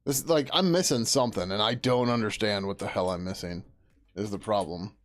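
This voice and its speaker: This software developer, live-streaming his work, has a fairly low, animated, brisk voice. He thinks aloud while working through code, muttering to himself, trailing off, and swearing casually.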